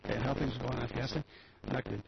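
Gravelly man rambling through the news. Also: mid-range voice, fairly even intonation, very fast. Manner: rambling, chatty, reads news aloud with asides. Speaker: talk show host. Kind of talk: casual news commentary. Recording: dull lo-fi recording with loud background hiss.

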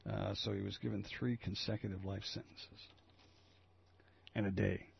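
A man's voice: lowish voice, level tone, normal speed, creaky, slightly rough, lo-fi sound. A man hosting a talk radio show, reading news items and riffing on them in a rambling, opinionated way. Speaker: local radio host. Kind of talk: casual talk radio commentary.

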